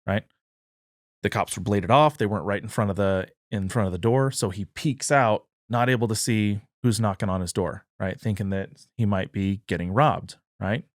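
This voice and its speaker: Man, low voice, earnest, dry close sound. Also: moderate pace, no echo. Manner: earnest, acts out quoted dialogue. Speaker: podcast guest, party chair. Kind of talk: political discussion.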